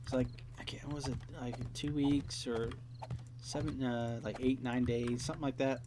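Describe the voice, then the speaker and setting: A man's voice: mid-range voice, little pitch movement, normal speed, background noise. Rambling, swearing male game streamer. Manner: rambling, swears often, acts out quoted dialogue. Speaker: let's play host. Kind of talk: casual rambling commentary while playing.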